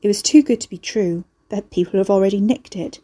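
A woman doing a frazzled, sharp-tongued young heroine. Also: medium pitch, brisk, breathy edge, lightly acted. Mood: frantic. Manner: exasperated, swearing, sharp.

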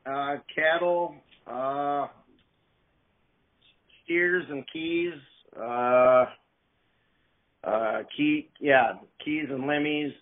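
A man's voice: a little high, steady tone. A man in his fifties from southern Wisconsin, answering interview questions in a hesitant way, filled with "uh"s. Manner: slow, hesitant, many "uh"s. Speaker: guest. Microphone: phone. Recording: tinny phone line.

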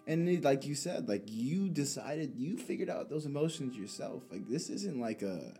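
A young man hosting a casual podcast conversation, reflective and relaxed, often checking in with tag questions. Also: medium pitch, moderate pace, soft background music. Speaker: podcast host.

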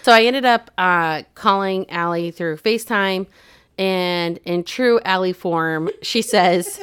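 A woman's voice: on the low side, takes it slowly, a bit bright, smooth. A middle-aged woman co-hosting a casual podcast chat, telling long stories and laughing often. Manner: chatty storyteller, laughs often. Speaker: podcast co-host.

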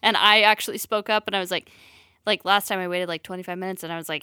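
A young woman chatting casually on a podcast, quick and laughing, full of "like". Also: medium pitch, steady tone, bright, forceful tone, smooth, no echo. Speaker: podcast co-host, sibling of the storyteller. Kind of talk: casual chat.

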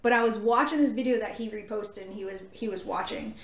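A woman co-hosting a faith podcast, telling a story in an animated, casual way with lots of fillers. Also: medium pitch, brisk. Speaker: podcast co-host. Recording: echoey room.

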